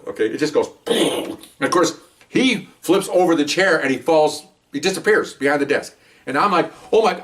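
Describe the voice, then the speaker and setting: An older man, a retired police officer, telling stories in a casual, animated way, often checking in with "okay?" and restarting his sentences. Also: medium pitch, distant mic. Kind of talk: casual anecdotal storytelling.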